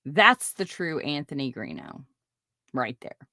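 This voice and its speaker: Indignant low-voiced woman hosting a live stream. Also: big pitch swings, takes it slowly, pushed and bright, dry recording, clean studio sound. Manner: chatty, reads viewer comments aloud, indignant. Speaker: podcast host. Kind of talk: casual live-stream commentary.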